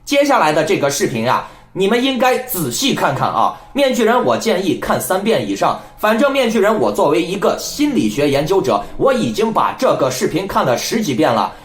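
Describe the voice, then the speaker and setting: A man's voice: sits high, very animated, fairly quick, hardly any pauses, roomy sound. A man hosting a political commentary channel, talking in an emphatic, lecturing way.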